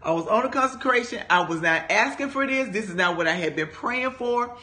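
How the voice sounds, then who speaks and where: Animated bright-voiced woman in her fifties. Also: a little high, brisk. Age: 50s. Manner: animated, emphatic storytelling, addressing listeners as "y'all". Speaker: Bible study teacher. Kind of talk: personal testimony in a Bible study talk.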